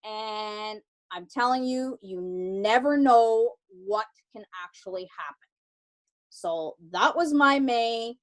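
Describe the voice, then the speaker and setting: A woman's voice: a little high, takes it slowly, low-quality recording. Emphatic woman giving a pep talk. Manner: emphatic, repeats advice with "okay?". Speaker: team member sharing a success story.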